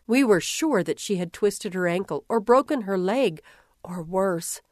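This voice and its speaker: A woman reading a first-person story aloud in a measured, gentle way. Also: on the low side, dry recording, clean studio sound. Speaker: reader.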